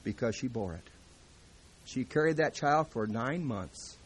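A man preaching a sermon, moving from quiet, confiding talk to loud, emphatic scripture reading. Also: medium pitch, lively intonation, unhurried, slightly rough.

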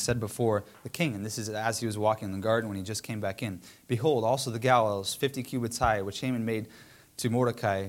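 A man reading scripture aloud and then retelling it casually as a preacher, with frequent fillers and restarts. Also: on the low side.

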